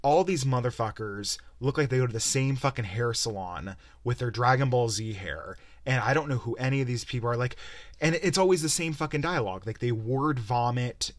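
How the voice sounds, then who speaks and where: Rambling and cursing, a young man vents his frustration about a game during his podcast, speaking close to the mic in a casual review-rant. The voice is medium in pitch and the recording is dry.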